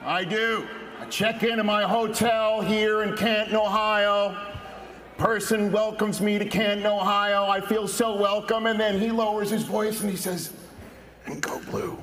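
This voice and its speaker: A man's voice: high-pitched, little pitch movement, measured pace, a bit bright, reverberant. A man emceeing a dinner in a large auditorium through a stage mic, teasing the crowd in a playful way. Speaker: event emcee. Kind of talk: stage emcee speech with jokes. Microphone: stage microphone over PA. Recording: noisy auditorium PA recording.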